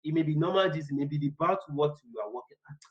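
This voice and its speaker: A man's voice: on the high side, animated, fast talker, lo-fi sound. A man teaching business analysis in a casual, rambling way. He repeats words and acts out short workplace exchanges. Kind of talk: casual online lecture.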